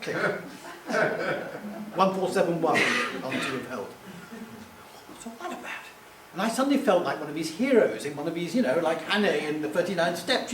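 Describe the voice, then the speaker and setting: A man's voice: a little high, big pitch swings, moderate pace, noisy background. Chatty middle-aged man in an echoey hall. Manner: chatty, self-deprecating, acts out quoted voices. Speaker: public speaker. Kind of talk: anecdotal talk to a live audience. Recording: echoey room, distant mic.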